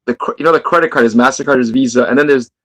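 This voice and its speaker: A man chatting casually as a guest on a live stream, relaxed and talkative. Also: mid-range voice, rapid-fire, low-quality recording. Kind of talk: casual livestream chat.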